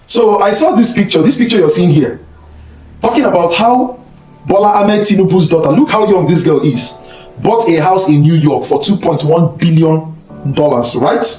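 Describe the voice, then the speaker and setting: A man's voice: high voice, lively intonation, moderate pace, darkish tone. A man ranting in a scornful, preachy commentary video. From Ghana. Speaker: social media commentator. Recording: echoey room with faint music.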